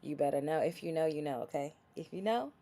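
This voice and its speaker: A woman's voice: low-pitched, animated, quick pace, noisy background. Chatty woman hosting a livestream. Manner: chatty, playful, addresses viewers as y'all. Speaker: livestream host showing body care products. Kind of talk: casual livestream product demo.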